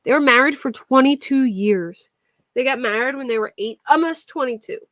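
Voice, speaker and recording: A woman's voice: high-pitched, moderate pace, fairly bright tone, no echo. A young woman hosting a casual true-crime live stream, chatting and answering viewers at her desk mic. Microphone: desk mic at a computer.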